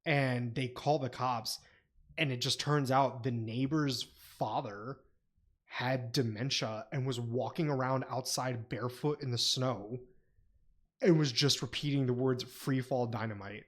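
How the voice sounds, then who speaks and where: A man's voice: medium pitch, a little slow. A man co-hosting a podcast, telling stories in casual chat with heavy swearing. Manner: profane, animated storyteller. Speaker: podcast co-host.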